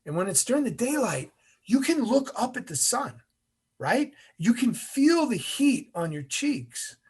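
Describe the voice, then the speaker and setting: A middle-aged man, an interview guest, telling a story in an animated way and acting out the scenes. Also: very high-pitched, measured pace, slightly rough.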